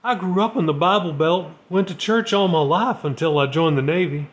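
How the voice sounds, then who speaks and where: A man's voice: on the high side, moderate pace, pitched above the performer's own voice, lightly acted. A man voicing a demoted navy sailor who speaks plainly and shakily with regret in a storybook reading. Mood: resigned. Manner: plain-spoken, slangy, shaky with regret. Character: remorseful demoted male navy sailor, gruff.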